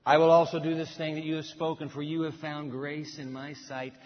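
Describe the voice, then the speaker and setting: A man's voice: on the high side, flat delivery, brisk, voice pushed down, close to an everyday voice. A man voicing God as a wry, fond friend during a sermon, lightly acted. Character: God, calm, a fond old friend bargaining. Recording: dull, echoey hall recording.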